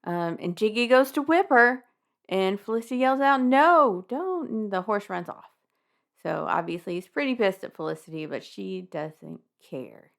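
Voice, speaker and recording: Brief: young woman podcast host, gravelly fry, wry and laughing, casual swearing, chatty book recap. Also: mid-range voice, lively intonation, moderate pace.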